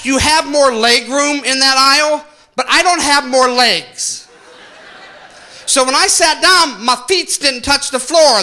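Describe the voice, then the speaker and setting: A man's voice: very high voice, bright, forceful tone. A man doing stand-up comedy on a theater stage, telling exaggerated stories and making asides to the audience.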